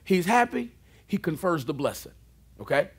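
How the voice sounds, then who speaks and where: A man preaching a sermon, telling the story with lively asides. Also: high voice, normal speed, husky. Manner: animated storytelling with asides and laughs. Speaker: pastor.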